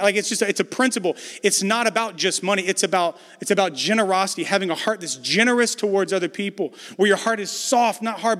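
A man's voice: sits high, fairly bright tone, big-room sound. A man preaching a conversational sermon as pastor, building emphasis through repetition.

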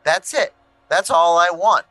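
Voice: mid-range voice, a little slow, pushed and bright, no echo, faint music behind, rough recording. A player at a tabletop game, ranting emphatically and theatrically in casual chat.

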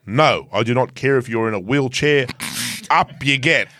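A man's voice: mid-range voice, pushed and bright, lightly acted. A man voicing a pompous, self-important ship captain in a stiff, put-on foreign accent as a comic podcast bit. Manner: stiff commanding fake foreign accent, slow and deliberate. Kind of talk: comedic podcast skit.

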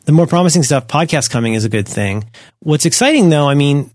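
Skeptical, animated podcast host man. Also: on the high side, fairly quick, no room sound, studio quality. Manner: animated, skeptical, self-deprecating asides. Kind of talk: casual tech podcast chat.

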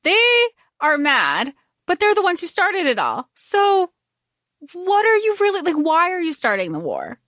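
Lively-voiced woman podcast co-host. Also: extremely high pitch, measured pace, no echo, studio quality. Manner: thinks aloud, gathers her words mid-sentence. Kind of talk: casual book discussion chat.

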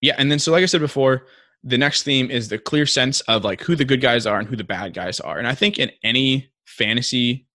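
Young man, podcast co-host, bright forceful voice, dry close sound, chatty with restarts. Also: medium pitch, a little fast, no echo. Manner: chatty, many likes and restarts, acts out quotes. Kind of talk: casual podcast discussion.

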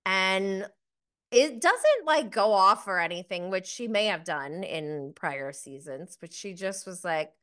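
A woman's voice: mid-range voice, animated, slow pace, a bit bright, clear, resonant tone. A woman hosting a casual episode review of a reality show, chatty and gossipy, laughing often as she talks. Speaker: reality TV recap host.

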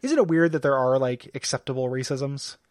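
A man's voice: mid-range voice, lively intonation, fairly quick, no echo, studio quality. A man co-hosting a casual podcast about a video game, rambling with lots of fillers and restarts and laughing often. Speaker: podcast co-host. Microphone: studio microphone.

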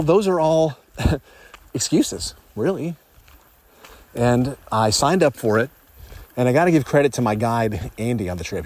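A young man, a life coach, recording a reflective vlog outdoors on a hiking trail, thinking aloud with pauses and restarts. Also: mid-range voice, darkish tone.

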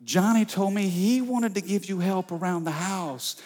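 A man's voice: high-pitched, moderate pace, a little mellow. A man voicing a sly, scheming little girl who teases her brother. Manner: sly, teasing.

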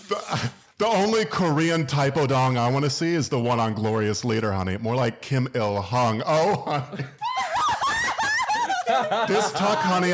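A man's voice: mid-range voice, heavy background noise, close to an everyday voice. Een man die een pittige dragqueen speelt, lijzig pratend en steeds "honey" zeggend, met veel geruis in de opname. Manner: drawling, calls everyone honey. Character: sassy male drag queen with a quippy catchphrase habit.

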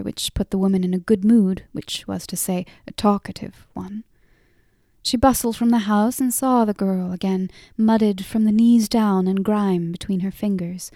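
A woman narrating a fantasy audiobook in a measured, softly drawn-out storytelling voice on a close mic. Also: mid-range voice, no room sound. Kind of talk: scripted narration.

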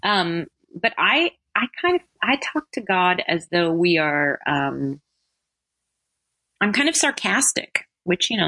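Bright-voiced chatty woman guest. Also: lowish voice, no echo. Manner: chatty, self-deprecating, animated asides. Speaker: interview guest. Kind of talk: casual conversational interview.

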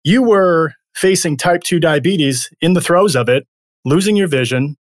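A man's voice: on the high side, unhurried, no echo, studio quality. A male podcast host interviewing a guest in an upbeat, encouraging way.

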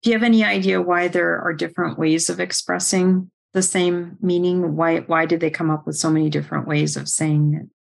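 A woman hosts a professional podcast and puts questions to her guest in an orderly, inquisitive way. Her voice sits a little low with plenty of gravelly fry. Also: fairly even intonation, a little fast, hardly any pauses. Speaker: podcast host. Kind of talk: podcast interview.

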